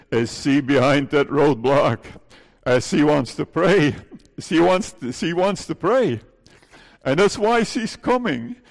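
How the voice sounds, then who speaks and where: A man's voice: on the high side, in a large hall. A male pastor preaching an earnest sermon, pleading and putting questions to his congregation. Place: church.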